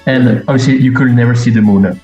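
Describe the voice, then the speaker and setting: A man's voice: medium pitch, fairly quick, mellow, echoey room, muffled recording, faint music behind. Blunt man with a French accent. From France. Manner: blunt, matter-of-fact and critical. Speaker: cultural consultant. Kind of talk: recorded commentary.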